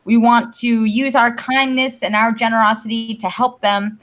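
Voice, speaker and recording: A woman's voice: on the high side, little pitch movement, normal speed, fairly bright tone, low-quality recording. A woman from Canada hosting a live-stream podcast, explaining her views at length in casual talk with casual swearing. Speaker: podcast host.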